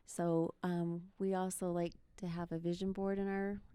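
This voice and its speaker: A woman, a mentor appearing as a podcast guest, answering in a calm, earnest way. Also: on the low side, moderate pace, smooth, no echo. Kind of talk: interview answer.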